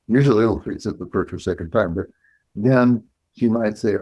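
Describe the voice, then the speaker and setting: A man with a lowish voice recounts his story at a measured, thoughtful pace, stopping now and then to restart a phrase. He sounds like a psychologist speaking as an interview guest. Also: a little mellow, poor audio. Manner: measured and reflective, with pauses and restarts.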